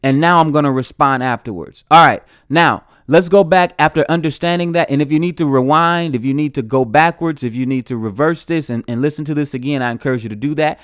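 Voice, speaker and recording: A man's voice: fairly high pitch, quick pace, few pauses, clean tone, no echo, clean studio sound. A man giving an earnest recorded Bible teaching, often repeating and restarting his phrases as he explains.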